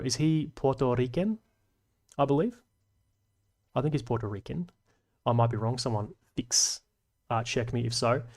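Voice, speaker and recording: A man hosting a casual live stream, reading chat and rambling in a self-deprecating way with lots of fillers. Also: mid-range voice.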